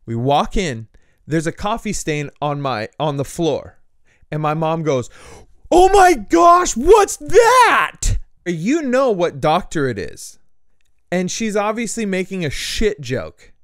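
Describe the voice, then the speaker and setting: A young man co-hosting a casual podcast, his voice a bit high and bouncing all over as he tells crude family stories. He swears freely and keeps breaking into laughter, recorded dry and close. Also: unhurried, no room sound. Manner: lively storytelling with swearing and laughter. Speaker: podcast co-host.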